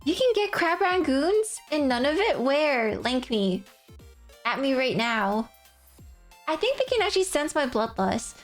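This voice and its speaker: High-voiced giggly young woman streamer. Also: measured pace, faint music behind. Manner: rambling, giggly, animated storytelling. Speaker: livestreamer. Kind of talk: casual stream chat.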